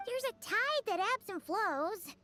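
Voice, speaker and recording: Paimon, a squeaky little companion. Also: female voice, expressive, slow, sharp tone, faint music behind, exaggerated voice. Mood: chatty. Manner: squeaky, speaks of herself in third person. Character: tiny female floating companion, chatty, excitable. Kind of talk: video game voice acting.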